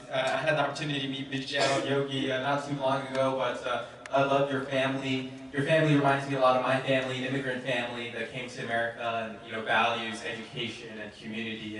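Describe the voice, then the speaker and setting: A man's voice: medium pitch, flat delivery, fast talker, few pauses, fairly bright tone. A man in his twenties giving a casual, joking toast with stammered starts. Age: 20s. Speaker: party guest giving a toast. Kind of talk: casual speech. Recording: echoey room from far off.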